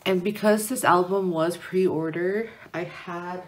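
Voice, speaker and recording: A young woman talks slowly and a little low as she unboxes an album on her vlog, rambling, giggling and restarting her thoughts. There is a faint hiss behind her voice. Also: fairly even intonation. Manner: rambling and giggly, many restarts and filler words. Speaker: vlogger. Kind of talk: casual chat while unboxing an album. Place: indoors at home near a window.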